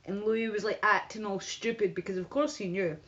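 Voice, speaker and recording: A woman's voice: medium pitch, fairly even intonation, a little fast, fairly bright tone. Woman livestreaming, lo-fi audio. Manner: rambling, frequent restarts and asides to chat. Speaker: livestream host. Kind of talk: casual livestream chat with viewers. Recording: dull lo-fi stream audio.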